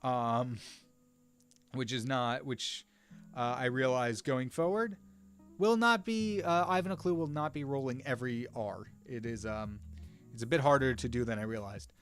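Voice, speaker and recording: A man's voice: mid-range voice, a little slow. Young male streamer, rambling casual chat, talks to viewers by name, faint music underneath. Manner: rambling, self-interrupting, chats to viewers by name. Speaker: streamer drawing with live chat.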